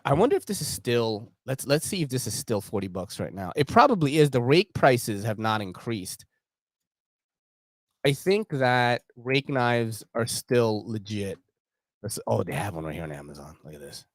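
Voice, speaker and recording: Young male host, casual slangy chatter, very lively pitch, dry close sound. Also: dry recording. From Philippines. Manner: slangy, laughing, animated storytelling. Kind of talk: casual livestream chat.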